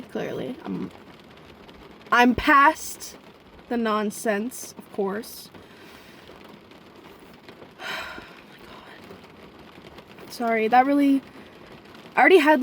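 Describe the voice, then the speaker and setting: Slight background noise accompanies a young woman's casual vlog as she tells a rambling, chatty story straight to her viewers. Her voice is high, and she occasionally breaks into abrupt bursts of swearing.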